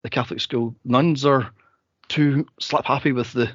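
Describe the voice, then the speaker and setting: A man co-hosting a casual movie podcast, telling stories and acting out scenes with sudden high squeals. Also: moderate pace, no echo, lo-fi sound. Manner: animated storyteller, acts out scenes in high squeals. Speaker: podcast co-host.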